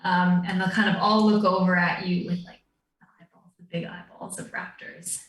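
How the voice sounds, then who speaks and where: A woman's voice: on the low side, little pitch movement, normal speed, fairly bright tone. A woman narrating a tabletop game as dungeon master, describing scenes in a meandering way. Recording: roomy, distant mic.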